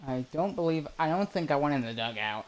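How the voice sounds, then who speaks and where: A man's voice: a little high, animated, fairly quick, rough recording. A man streaming a baseball video game, calling the plays in a casual, rambling way with chatty asides and self-corrections.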